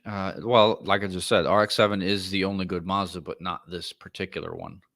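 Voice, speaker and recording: Podcast host, man from the US, opinionated and profane, lowish bright voice, rants then apologizes. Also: fairly even intonation, fairly quick. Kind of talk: casual ranting commentary.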